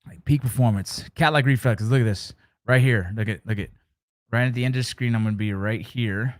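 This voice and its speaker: A man's voice: mid-range voice, brisk, no echo, studio quality. A man hosting a casual live stream, chatting with viewers, joking and telling stories. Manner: joking, storytelling, reacting to chat.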